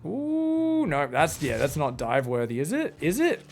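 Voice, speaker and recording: A man giving excitable live commentary on an esports match, breaking into sudden high exclamations. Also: unhurried, gravelly, faint music behind. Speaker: esports caster.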